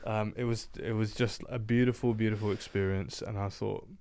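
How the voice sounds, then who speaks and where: Smooth-voiced comic telling a story. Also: male voice, lowish voice, a little fast. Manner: animated storyteller, laughs often, acts out quotes. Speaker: co-host, comedian. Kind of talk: casual comedic chat.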